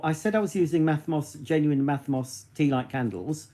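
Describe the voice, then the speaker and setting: Casual male streamer, mellow voice, gossipy and teasing, talking straight to his viewers. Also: a little high, normal speed, few pauses. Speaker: livestream host. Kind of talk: casual live-stream chat.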